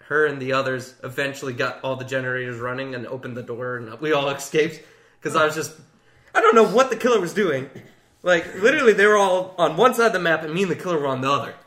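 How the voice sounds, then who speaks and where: A man's voice: fairly high pitch, expressive, fast talker, a bit bright. A young man in casual gaming chat, telling stories with lots of energy and acting out other players in raised voices.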